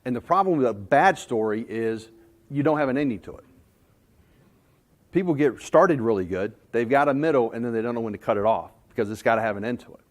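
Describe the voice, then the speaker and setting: A man's voice: medium pitch, fairly quick. Folksy male sales trainer from North Carolina. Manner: folksy storytelling with anecdotes. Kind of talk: conference presentation.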